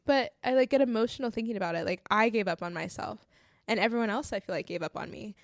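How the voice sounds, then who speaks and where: A young woman with a slightly high voice speaks quickly in a dry recording as she hosts a faith podcast. She tells her testimony with earnest, heartfelt casualness, often verging on tears and saying "like" frequently.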